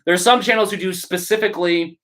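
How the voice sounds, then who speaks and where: A woman's voice: lowish voice, fast. A woman hosting a casual live stream while building a bike, chatting with viewers in a teasing way and laughing often.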